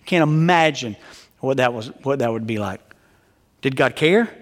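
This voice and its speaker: A man in his fifties, a pastor preaching a sermon in a relaxed, joking, emphatic storytelling way. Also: mid-range voice, normal speed. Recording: long reverb of a large hall.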